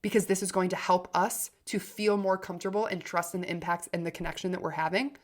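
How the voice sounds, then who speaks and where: Fast and steady in tone, a woman with a voice on the low side hosts a self-help podcast in a casual, coaching manner. Her delivery is emphatic and energetic, she frequently restarts phrases, and her volume rises and falls for effect.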